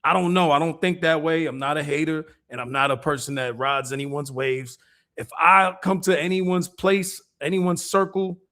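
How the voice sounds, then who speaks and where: A man's voice: a little high, a bit bright. A man hosting a stream, giving laid-back, amused streetwise commentary. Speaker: livestream host. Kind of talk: casual commentary chat.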